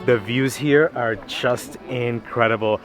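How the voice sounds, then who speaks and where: Male travel vlogger, mid-range voice, relaxed trail chatter, faint music bed. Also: medium pitch, slow pace. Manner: easygoing, loose chatter with fillers. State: out of breath from hiking. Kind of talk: casual travel vlog. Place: outdoors on a forest hiking trail.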